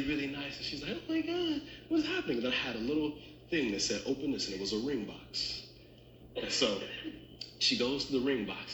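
Animated pastor with a bright voice. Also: male voice, medium pitch, a little hiss or hum. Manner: animated, conversational, addresses congregation directly. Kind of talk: storytelling sermon with humor. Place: church sanctuary. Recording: roomy church echo.

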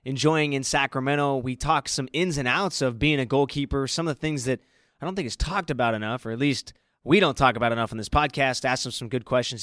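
A man's voice: medium pitch, a bit bright, smooth. A man hosting a casual sports podcast interview, upbeat and chatty with loose banter. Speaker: podcast host.

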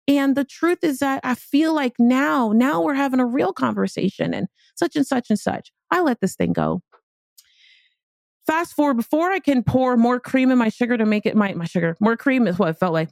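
Animated, slangy woman telling a story. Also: sits high, moderate pace, vocal fry, no room sound, clean studio sound. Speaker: podcast host and business speaker. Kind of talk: storytelling motivational talk.

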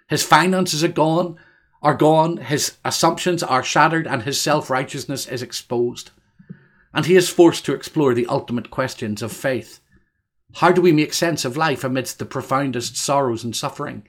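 A man preaching a solemn sermon on grief, reading scripture aloud and crying out its laments with rising force. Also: medium pitch. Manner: solemn, swells loudly on lament quotations.

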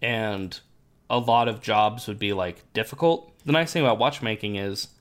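A man hosting a casual podcast chat, explaining things in a relaxed way with many fillers while his voice is going hoarse. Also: fairly low pitch, normal speed. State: losing his voice. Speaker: podcast host.

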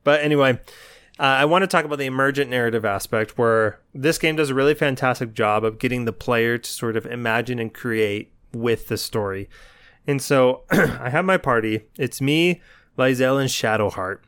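A man's voice: mid-range voice, normal speed, smooth. A male podcast co-host in casual chat, recounting a story with growing animation. His voice sits in a middle register. The sound is dry and close, with no room echo. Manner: animated, acts out his own side of the story.

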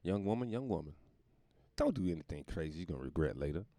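Male comedian, low and mellow, swings his pitch all over, profane rambling monologue; dry close sound. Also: big pitch swings, fast talker, vocal fry, no echo. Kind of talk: casual podcast monologue.

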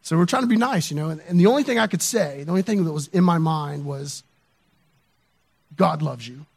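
A man with a fairly high voice preaches by telling a personal story. He talks in a loose, conversational way, with fillers and restarts. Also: fast talker, a little mellow. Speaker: pastor. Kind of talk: storytelling sermon.

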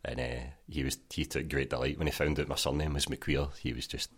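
Very deep-voiced Scottish man. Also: steady tone, brisk, slightly rough. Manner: rambling anecdotes full of fillers and "mate". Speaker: podcast guest. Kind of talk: casual chat.

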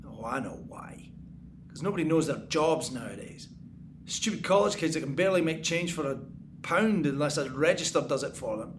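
An actor playing an exhausted, paranoid male tenant in an audio drama, muttering and taunting, then bursting into angry shouts. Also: a little high, lively intonation, fairly quick, noisy background. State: exhausted and sleepless. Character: paranoid sleepless male tenant, bitter and unraveling. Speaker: sleepless tenant hearing noises in the walls.

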